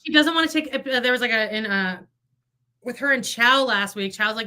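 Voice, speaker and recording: A woman's voice: a little high, moderate pace. A woman co-hosting a casual gossip podcast, swearing often and acting out what others said. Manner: animated, swearing, acts out quotes. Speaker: podcast co-host.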